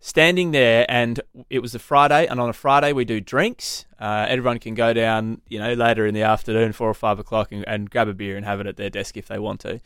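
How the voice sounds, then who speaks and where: Australian man, radio co-host, joking storyteller, smooth clear voice, dry studio sound. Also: on the low side, fairly even intonation, a little fast, few pauses, a bit bright, no echo. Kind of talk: casual radio banter.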